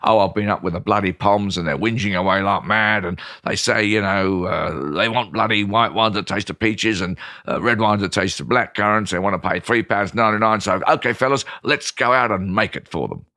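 A man's voice: lowish voice, a little fast, hardly any pauses, pushed and bright, no room sound, studio quality. A man mimicking a scruffy blunt Australian wine bloke. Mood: mocking.

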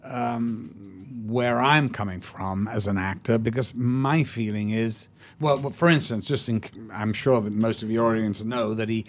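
An older actor, an interview guest, telling leisurely anecdotes with restarts and laughter. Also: male voice, on the low side, measured pace. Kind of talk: storytelling in a podcast interview.

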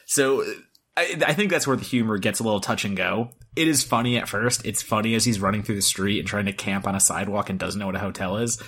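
A man's voice: fairly low pitch, quick pace, fairly bright tone, husky. A man co-hosting a podcast, talking casually about a movie and retelling scenes with quoted lines. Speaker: podcast co-host.

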